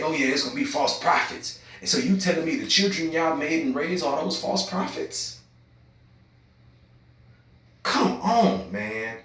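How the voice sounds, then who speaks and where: A young man speaking African American Vernacular English gives a heated, preachy monologue, repeating phrases and swinging between loud and quiet. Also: a little high. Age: young adult. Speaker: podcast host. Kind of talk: impassioned monologue. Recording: very echoey room, voice far from mic.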